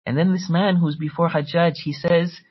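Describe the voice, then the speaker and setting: Fairly high-voiced man lecturing, lo-fi. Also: steady tone, moderate pace, husky. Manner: earnest storytelling, recites Arabic passages then translates; repeats words as he restarts phrases. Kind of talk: religious history lecture.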